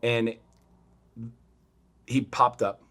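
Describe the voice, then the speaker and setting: A middle-aged man co-hosting a podcast, telling a story in a blunt, profane, animated way. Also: mid-range voice, very slow. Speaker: podcast co-host. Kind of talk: casual chat.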